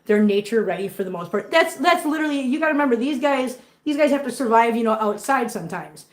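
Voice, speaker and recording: Cat lady vlogging at home, highish voice, baby-talking her kittens, roomy echo. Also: animated, fast talker. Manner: coos baby talk to kittens between chatty asides to viewers. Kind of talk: casual vlog chat.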